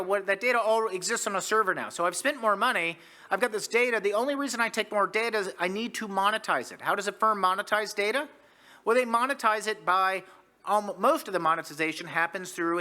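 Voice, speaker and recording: An American professor giving a conference lecture, who argues briskly and poses rhetorical questions to the audience. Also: male voice, high voice, sharp tone. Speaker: economics professor, panelist. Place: conference hall.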